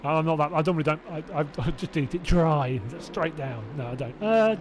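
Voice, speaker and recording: A Hertfordshire man with a southern English accent commentates a sim race live, his voice on the high side at a normal speed, with slight background noise. Between calls he chats and rambles with viewers, drops self-doubting asides, and laughs to himself.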